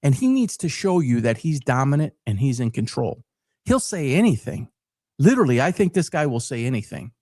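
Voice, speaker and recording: A man's voice: medium pitch, big pitch swings, brisk, warm tone, dry recording, studio quality. A man in his fifties from Detroit with a Detroit accent, hosting a sports talk show in an earnest, emphatic, unscripted monologue. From Detroit, Michigan. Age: 50s. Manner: earnest, emphatic, repeats words as he builds his point.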